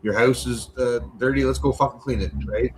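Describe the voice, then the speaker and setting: At home, a man chats bluntly and casually, swearing a lot and growing worked up as he goes. His medium-pitched voice is steady, fairly quick and darkish, with slight background noise.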